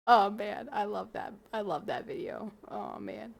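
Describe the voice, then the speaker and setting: A young woman streamer, tipsy from wine, rambles playfully to her viewers. Her voice is gravelly and husky, and she talks slowly, often sinking into soft mumbles. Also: medium pitch, big pitch swings. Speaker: livestream host. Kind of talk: casual chat to stream viewers.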